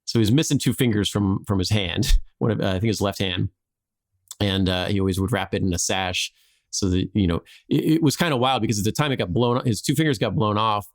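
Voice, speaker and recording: A man's voice: lowish voice, a little fast. A man hosting a podcast, telling a history story casually with lots of "like" and jokey acted-out quotes.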